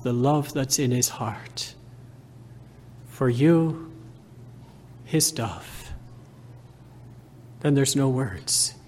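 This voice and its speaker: Male preacher, slow and earnest, slightly higher voice, faint hiss behind. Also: darkish tone. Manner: slow, earnest, rising to fervent emphasis. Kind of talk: sermon.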